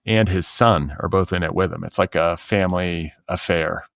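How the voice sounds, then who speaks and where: Low-voiced man, wry rambling podcast chat. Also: normal speed, creaky, no echo, studio quality. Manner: rambling, wry, many filler words. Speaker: podcast co-host. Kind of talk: casual chat.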